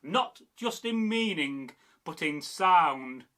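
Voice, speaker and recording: A man, from the Midlands, giving a scripted history narration in short, measured, dramatic phrases. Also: a little high, expressive, sharp tone. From English Midlands. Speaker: history presenter.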